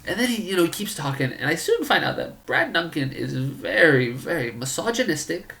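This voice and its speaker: A man's voice: a little high, sing-song, a little fast, gravelly, pushed and bright. Man, comedic storytelling, rambling, incredulous, filler-heavy.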